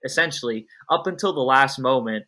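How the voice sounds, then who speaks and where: Man, podcast co-host, casual chat, animated profane rants. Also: medium pitch, fairly quick.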